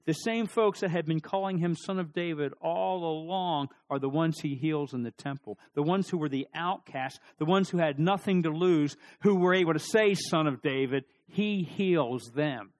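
A middle-aged male pastor delivering a sermon in a church, with a fairly high-pitched voice. He preaches in an animated way, swings between quiet asides and loud, emphatic peaks, and acts out the voices of the people in his story. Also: normal speed, hardly any pauses.

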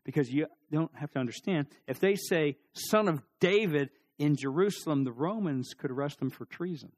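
A middle-aged male pastor preaching a sermon in church, animated, acting out voices and rising to loud peaks. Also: a little high, normal speed.

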